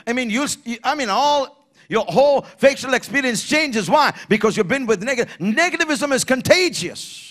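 A man preaching an emphatic sermon in church, building to shouted refrains and calling on the congregation to repeat after him. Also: extremely high pitch, very animated, normal speed. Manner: emphatic preaching, rising to shouts, call-and-response. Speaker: pastor.

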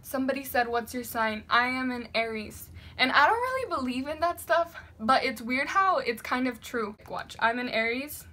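A young woman vlogger answering viewer questions in a loud, chatty, sassy way. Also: high-pitched, lively intonation, normal speed, few pauses. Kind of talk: casual Q&A vlog.

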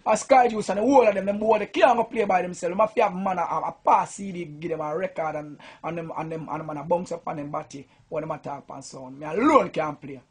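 A man's voice: on the high side, fast, hardly any pauses, breathy edge. A Jamaican man, a sound system selector, drunk and boasting in a rambling, profane rant to the camera.

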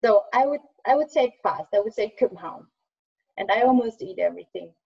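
A woman from Copenhagen with a Danish accent, a language teacher talking on a video call, laughing often and pausing with fillers. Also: a little high, expressive, vocal fry, slightly rough. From Denmark, Copenhagen. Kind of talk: casual video call chat. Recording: dull lo-fi video call audio.

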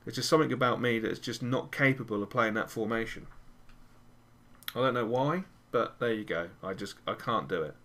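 A male gaming host with a medium-pitched voice speaks briskly as he commentates a football game he's playing. He cheers excitedly and swears at his players as the action unfolds.

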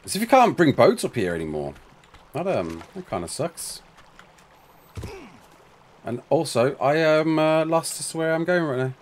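A man streaming a game, rambling casually to his chat and to himself with quick exclamations. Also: a little high, very animated. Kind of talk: casual live-stream chat while playing.

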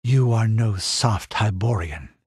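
A man's voice: on the low side, slow pace, darkish tone, breathy edge, dry recording, clean studio sound, exaggerated voice. A man voicing a proud, fierce young pirate queen who speaks in a commanding, passionate way. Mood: admiring.

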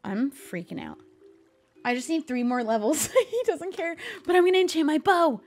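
Excitable high-voiced woman gaming. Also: normal speed, soft background music. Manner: excitable, gasping and shrieking. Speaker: gaming streamer. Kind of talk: let's play commentary.

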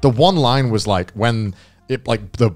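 A man's voice: medium pitch, unhurried. A young man co-hosting a podcast, chatting casually and animatedly, swearing and laughing often. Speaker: podcast co-host. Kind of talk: casual chat.

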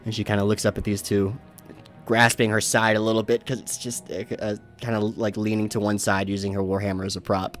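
A man's voice: fairly low pitch, level tone, fairly quick, faint music behind. A man narrating as game master in a tabletop game, rambling through scenes with many fillers and restarts.

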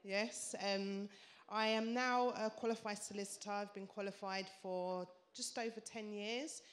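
A woman's voice: medium pitch, fairly even intonation, measured pace. A woman, speaking to an audience on a handheld mic and explaining her work in a composed way with frequent ums. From Tottenham, London. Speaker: solicitor. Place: community event room.

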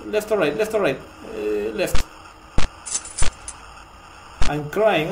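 A man's voice: high voice, slow pace, creaky, pauses often, noisy background. A man with a mock Transylvanian vampire accent, playing a horror game, speaking broken English and jumping to panicky yelps. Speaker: horror game let's-player as vampire host. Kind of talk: gaming commentary.

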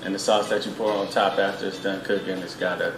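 A man from Los Angeles whose family runs a restaurant, speaking calmly and steadily in an interview clip. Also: sits low, fast, very noisy. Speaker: restaurant owner's son. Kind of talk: interview talk. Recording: echoey with music behind.

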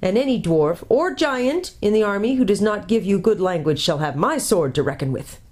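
A woman voicing a tiny, brave male mouse knight who pipes his lines in a shrill, gallant, formal way, in a storybook reading. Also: lively intonation, normal speed, darkish tone, natural voice.

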